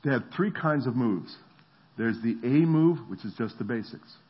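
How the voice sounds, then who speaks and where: A middle-aged man preaches with a slightly husky voice, at an ordinary pitch for a man. He tells stories with animated energy and slips into voices for the people in them. The recording sounds a bit dull and lo-fi. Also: moderate pace. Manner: animated storytelling, acts out voices. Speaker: pastor. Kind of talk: sermon.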